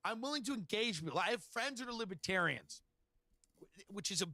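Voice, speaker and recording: A man's voice: sits high, animated, fairly quick, pushed and bright, dry recording. A man delivering a sarcastic comedic rant in a mocking, incredulous tone, firing off rhetorical questions. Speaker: comedian on a podcast clip.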